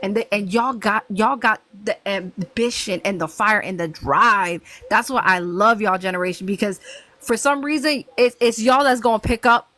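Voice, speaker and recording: A woman's voice: medium pitch, moderate pace, pushed and bright. A woman in her thirties chatting earnestly on a live panel, stacking emphatic repeated phrases. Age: 30s. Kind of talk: casual chat on a live panel.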